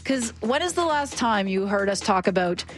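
A woman co-hosting a radio show, chatting casually in a lively, opinionated, quick way, often laughing. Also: medium pitch, soft background music. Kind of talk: casual chat on air. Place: radio studio. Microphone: studio microphone.

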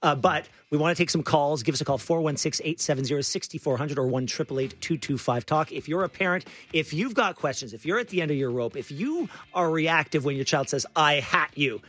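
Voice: mid-range voice, lively intonation, a little fast, few pauses. Eager radio talk show host. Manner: eager, frequent backchannel agreement. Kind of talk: radio interview. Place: radio studio.

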